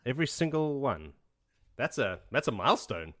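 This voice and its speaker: A man's voice: mid-range voice, very animated, moderate pace, fairly bright tone. A man co-hosting a book podcast, talking animatedly and retelling scenes in playful voices. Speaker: podcast co-host. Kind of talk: casual book-club chat.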